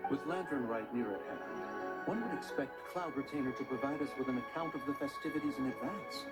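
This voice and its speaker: An aloof ancient beast adept, as a man voices it speaks in measured, archaic phrases at a middle pitch. Its formal, lofty manner stays steady throughout. Loud game music plays underneath. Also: lightly acted, poor audio. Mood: grave. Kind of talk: game cutscene dialogue.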